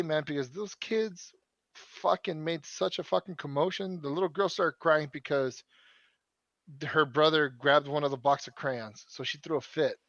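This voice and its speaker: A man's voice: on the high side, a bit bright, no room sound, dull audio. Rambling, profane young man storyteller. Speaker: podcast co-host. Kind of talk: casual chat.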